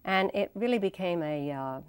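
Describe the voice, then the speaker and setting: A woman's voice: on the low side, animated, normal speed, smooth, no room sound. A woman in her sixties, an interview guest, telling stories animatedly and acting out the voices of people she quotes. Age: 60s. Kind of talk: casual storytelling interview.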